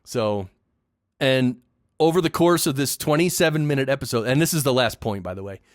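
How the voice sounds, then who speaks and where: A man's voice: mid-range voice, lively intonation, fairly quick, no echo, studio quality. Opinionated man ranting on a podcast. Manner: opinionated, emphatic ranting with repetitions. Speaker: podcast host. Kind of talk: casual solo podcast monologue.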